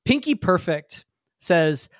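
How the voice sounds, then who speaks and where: A woman's voice: fairly low pitch, slow, no echo, studio quality. A woman narrating as game master of a tabletop role-play, talking loosely with many fillers. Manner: animated, voices many characters, frequent fillers.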